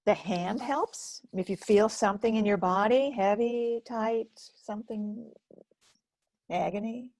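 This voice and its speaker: A woman hosting a live webinar on self-care who talks gently and unhurriedly, reads out comments from the chat, and often drops to a soft near-whisper. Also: medium pitch, gravelly, husky, dry recording.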